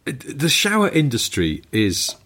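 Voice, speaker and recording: A man's voice: mid-range voice, huge pitch swings, slow, sharp tone, slightly rough. A man co-hosting a podcast, chatting casually in a wry, rambling way and laughing easily. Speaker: podcast co-host. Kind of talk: casual chat.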